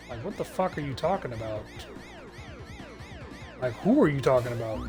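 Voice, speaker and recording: A man's voice: mid-range voice, lively intonation, normal speed, long pauses, a little mellow, faint music behind. A man ranting sarcastically on a live stream, swearing often and stumbling through restarts. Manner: profane, heated, sarcastic ranting with frequent filler restarts.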